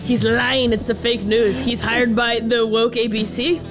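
A woman's voice: on the high side, level tone, measured pace, music in the background, natural voice. A woman doing an impression of a boastful male politician, bragging in short repeated phrases.

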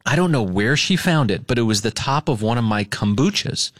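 A male radio host telling a story in casual chat, acting out quoted lines in a higher voice. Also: expressive, brisk, dry recording, studio quality.

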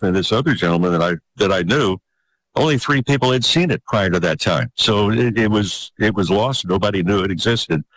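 Earnest older man, deep voice, dry sound. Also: a bit bright, dry recording, poor audio. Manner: earnest, halting, repeats words as he gathers his thoughts. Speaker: guest telling his story. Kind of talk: reflective interview storytelling.

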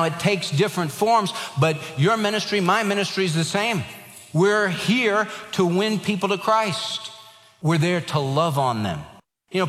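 A man delivers a sermon in an earnest preaching style, his voice sitting a bit high for a man. His words ring out with a long hall reverb around them, and his emphasis rises and falls as he drives points home. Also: a bit bright. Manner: earnest preaching, varied emphasis, tells jokes. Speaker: pastor.

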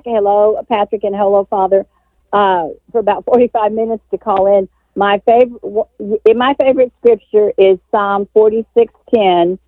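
An older woman calls in to a radio show, excited and rambling as she tells her story. Her voice comes through a tinny phone line. It sounds dry, with no room behind it. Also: medium pitch, dry recording. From Texas. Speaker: caller. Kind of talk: call-in radio talk.

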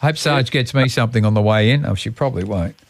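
On breakfast radio, an Australian-accented host trades chatty, jokey banter with a caller from the studio. He speaks quickly in a mid-range voice, captured dry on a studio microphone.

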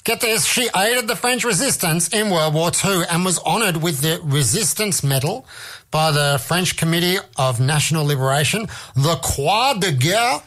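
A man's voice: a little high, normal speed, a bit bright. A man hosting a radio music show, talking casually between songs with chatty, self-mocking asides.

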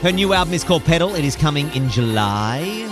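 A man's voice: fairly high pitch, big pitch swings, a little fast, music in the background. A man hosting a radio show, bantering playfully and sometimes singing his lines into a studio microphone. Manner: jokey, playful, hums and sings lines. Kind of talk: lively breakfast-radio banter.

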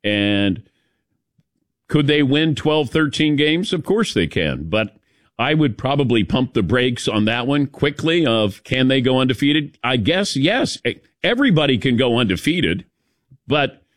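A man's voice: medium pitch, very animated, unhurried, no room sound, clean studio sound. A man hosting a sports talk show, chatting loosely and laughing at his own stories. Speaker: sports talk radio host.

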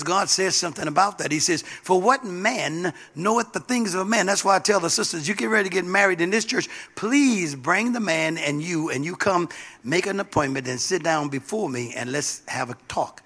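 A man's voice: a little high, vocal fry, fairly bright tone. A male pastor preaching a sermon in an emphatic call-and-response style.

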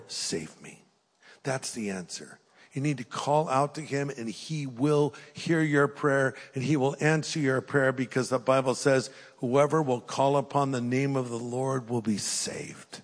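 An older man preaching a sermon in a large church, earnest and urging, shifting between raised appeals and quiet, hushed prayer. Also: mid-range voice. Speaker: pastor. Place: large church auditorium with live audience. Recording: long hall reverb.

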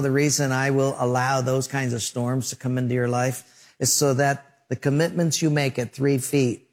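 A man's voice: mid-range voice, darkish tone. A middle-aged man preaching a radio sermon, telling stories and acting out scenes with sound effects. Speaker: pastor.

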